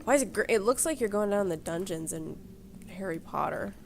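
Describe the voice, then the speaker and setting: A woman's voice: medium pitch, animated, a little fast, creaky, noisy background. A woman hosting a game let's play, chatting to her viewers and exclaiming as she plays. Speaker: gaming channel host.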